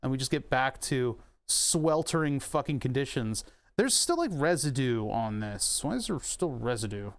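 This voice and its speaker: In a home room with the air conditioning running, a man livestreams himself repairing a keyboard, rambling, swearing, and amusing himself as he chats. His voice is mid-range with big pitch swings, at a normal speed.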